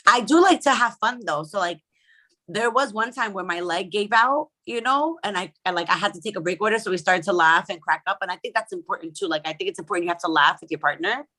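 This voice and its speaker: A woman co-hosting a casual podcast chat, loud and exclamatory, often breaking into laughter. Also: medium pitch, fast talker. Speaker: podcast co-host.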